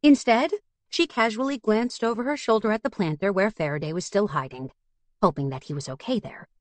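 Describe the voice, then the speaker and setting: A woman narrating a fantasy audiobook in a steady storytelling manner. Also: medium pitch, fairly quick, no echo. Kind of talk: scripted narration.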